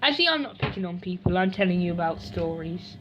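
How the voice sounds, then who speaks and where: Talking fast with lively intonation, a woman with a low-ish voice rambles through a casual home vlog by a washing machine. She keeps correcting herself and tossing in chatty asides. The lo-fi recording sounds dull, with a noisy background.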